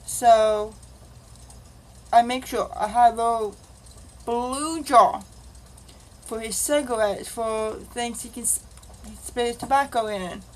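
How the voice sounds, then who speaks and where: A woman's voice: on the high side, unhurried, long pauses, darkish tone, poor audio. A woman vlogger telling a rambling, casual confessional story and acting out the dialogue. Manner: rambling, acts out quoted dialogue.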